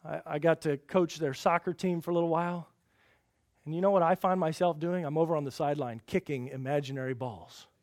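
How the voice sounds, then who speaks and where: A man preaching a sermon as pastor, asking the congregation rhetorical questions and swinging between loud emphatic peaks and quiet low passages. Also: fairly even intonation, fairly quick, no echo, studio quality.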